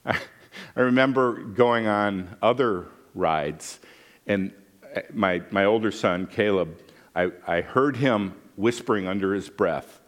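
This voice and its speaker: A man's voice: on the low side, takes it slowly, long pauses. A man preaching a sermon, reading scripture and adding wry, joking asides. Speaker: pastor.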